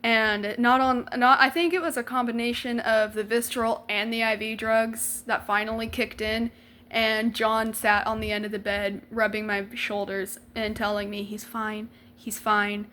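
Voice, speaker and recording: A woman's voice: fairly high pitch, little pitch movement, moderate pace, bright, forceful tone. A young adult woman vlogger telling a personal story in a candid, emotional way, swearing freely and using slang and lots of likes.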